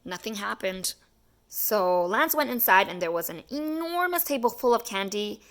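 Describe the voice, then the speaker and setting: A woman reading a children's picture book aloud in an expressive, animated way. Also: medium pitch, moderate pace. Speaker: children's story reader. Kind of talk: storybook read-aloud.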